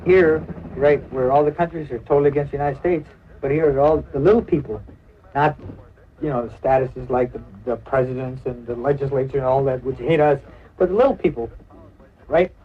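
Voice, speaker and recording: Brief: husky, earnest male interviewee, halting delivery, tinny narrow sound. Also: medium pitch. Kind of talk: casual interview talk. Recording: thin phone-like old recording.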